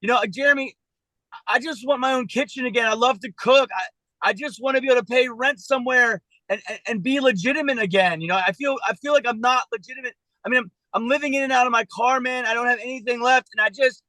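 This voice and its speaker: A man with a high, bright and forceful voice talks haltingly on a video call, restarting his sentences often. He sounds earnest and emotional, close to tears. The sound is dry and close. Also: dry recording, low-quality recording. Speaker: citizen journalist being coached. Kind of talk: emotional personal talk on a coaching call.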